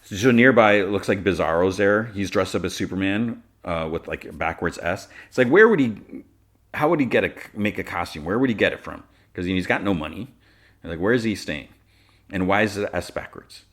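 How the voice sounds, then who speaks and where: A man's voice: deep voice, animated, fairly quick, fairly bright tone. A man hosting a podcast, recapping an episode in a rambling, casual way full of asides. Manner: rambling, many likes and asides. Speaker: podcast host.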